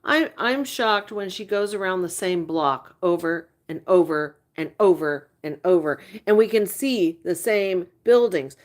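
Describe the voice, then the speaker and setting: A woman's voice: lowish voice, animated, a little slow, few pauses. A woman hosting a live stream, gossiping casually with her viewers. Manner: chatty, gossiping, exasperated asides. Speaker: livestream host chatting with viewers.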